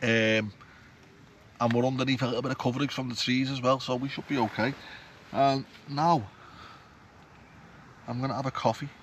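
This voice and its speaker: Vlogging to camera at an outdoor campsite, a man chats and rambles, poking fun at himself. His medium-pitched voice has fairly even intonation at normal speed, and he pauses often. Outdoor noise and passing traffic can be heard.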